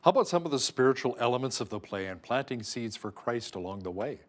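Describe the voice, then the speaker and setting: A male news interviewer with a voice of middling pitch. He asks his guest questions in a casual, friendly way and likes to tease playfully. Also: lively intonation, fast talker.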